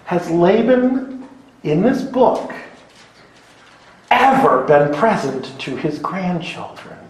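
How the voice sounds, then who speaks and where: A man teaching a Bible lesson, animated and dramatizing the text with frequent laughs. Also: high-pitched, slow. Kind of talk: scripture lesson lecture. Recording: echoey room, faint background noise.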